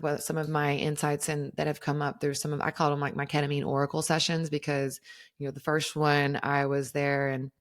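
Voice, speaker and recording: Low-pitched woman podcaster, candid storytelling, swears a lot, laughs, gets animated. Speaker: podcast host. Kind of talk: personal storytelling.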